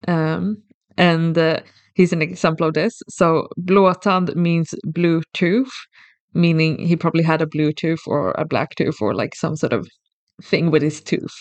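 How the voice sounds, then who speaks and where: At a moderate pace and in a middle register, a podcast co-host thoughtfully explains a topic step by step, often restarting a phrase. The audio is dry, without room sound, and the tone is casual.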